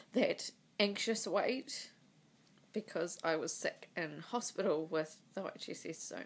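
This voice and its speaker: A woman in her thirties recording a personal video diary on her phone. She is crying, and she talks in a halting, emotional way, with sighs between her words. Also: sits low, vocal fry, a little hiss or hum. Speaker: vlogger. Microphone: phone mic.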